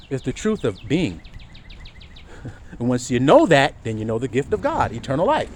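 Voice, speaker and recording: A man preaching a sermon outdoors, swinging from low murmurs to loud cries. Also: huge pitch swings, normal speed, pauses often. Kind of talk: street sermon. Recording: faint street noise behind.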